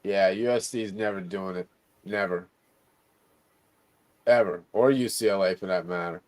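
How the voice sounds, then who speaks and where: A man's voice: low voice, moderate pace, darkish tone. A man from Louisiana, a guest on a casual sports talk stream, laid-back and agreeable, with some cussing.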